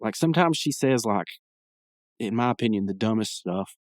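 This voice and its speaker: A man's voice: on the low side, animated, moderate pace, dry recording, clean studio sound. A man hosting a podcast, recapping a cartoon episode in casual, rambling talk full of fillers and opinionated asides. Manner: rambling and digressive, many fillers. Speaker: podcast host.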